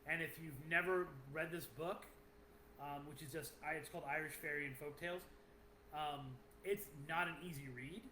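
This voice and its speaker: A man with a Boston accent co-hosts a podcast in a loose, joking way, often cutting in. His voice is bright and forceful, a little high for a man, and the room gives it a roomy echo. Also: fairly even intonation, normal speed. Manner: chatty, joking, interrupts often. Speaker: podcast co-host. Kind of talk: casual chat. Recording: echoey room with faint noise.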